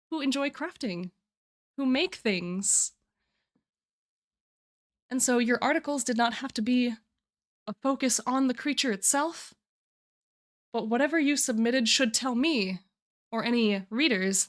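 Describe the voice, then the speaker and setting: Woman, young adult, bubbly live-stream chatter, giggly, slightly high voice. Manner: chatty, giggly, restarts phrases. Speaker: streamer running a writing challenge. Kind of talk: casual live-stream chat.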